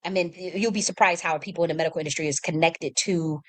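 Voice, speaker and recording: A woman's voice: lowish voice, fairly even intonation, fast talker. A woman hosting a casual livestream, talking bluntly and emphatically with frequent restarts and swearing. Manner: shifts into mock-quoting herself and others. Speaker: livestream host.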